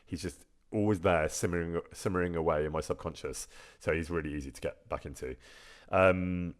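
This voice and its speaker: A man's voice: deep voice, a little fast. A man, chatting casually on a live stream and answering viewer questions, self-deprecating and laughing often. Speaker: streamer and actor.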